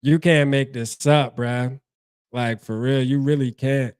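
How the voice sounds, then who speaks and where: A man's voice: mid-range voice, steady tone, unhurried, darkish tone, clear, resonant tone, no echo, clean studio sound. A man hosting a casual sports fan stream, talking in a laid-back, slangy way. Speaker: sports channel host.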